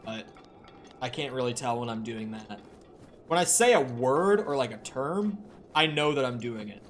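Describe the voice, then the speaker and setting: A man's voice: mid-range voice, normal speed, a little hiss or hum. A man with a mild Minnesotan accent, rambling casually to his viewers while streaming a game. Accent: Minnesotan, from the Twin Cities. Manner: rambling, animated, swears casually, chats with viewers. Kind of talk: casual livestream chat while gaming. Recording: faint background game music.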